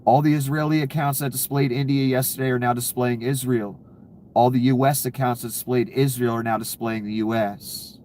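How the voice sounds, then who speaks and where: A man's voice: medium pitch, steady tone, fairly quick, darkish tone, slight background noise. A man giving casual, profane political commentary, ranting and sarcastic, laughing at his own jokes.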